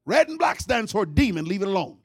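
Animated, high-voiced male comic storyteller. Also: a little fast, slightly rough, no room sound, studio quality. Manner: animated, with loud outbursts and laughs. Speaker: comedian. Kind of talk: comedic storytelling.

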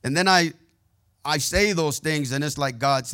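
A preacher with a somewhat high voice delivers a conversational sermon, trading quick asides with his congregation. He tells his own stories candidly and plainly, keeping the tone personal rather than formal. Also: sharp tone, clean tone.

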